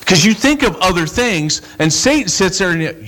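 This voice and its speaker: A man preaching a sermon as a pastor, casual and animated, acting out the people in his stories. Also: sits high, normal speed. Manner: animated, acts out quoted voices, bursts into shouts.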